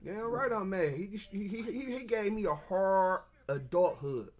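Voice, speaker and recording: A man's voice: high-pitched, lively intonation, moderate pace, lo-fi sound. A man in an agitated casual monologue rant, stammering and repeating himself. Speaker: self-published author.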